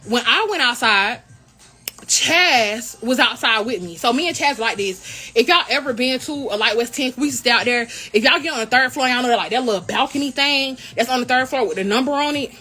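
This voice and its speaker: A young woman with a high, bright voice tells a story in a casual vlog. She retells the events indignantly and acts out the quoted lines with energy. Faint music plays underneath. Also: lively intonation, fairly quick. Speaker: college royal court member.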